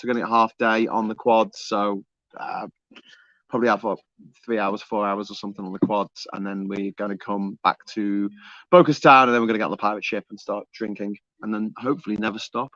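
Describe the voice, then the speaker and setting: A man's voice: on the low side, a bit bright, no echo, dull audio. A man co-hosting a casual livestream, rambling through stories with plenty of restarts and offhand swearing. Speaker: livestream co-host. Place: home on an island.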